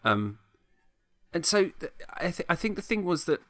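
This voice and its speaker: A man's voice: high-pitched, very animated, moderate pace, fairly bright tone, no room sound. A middle-aged man, chatting casually on a podcast as he retells a film plot, enthusiastic and full of restarts. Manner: rambling, enthusiastic, many restarts. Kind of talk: casual chat.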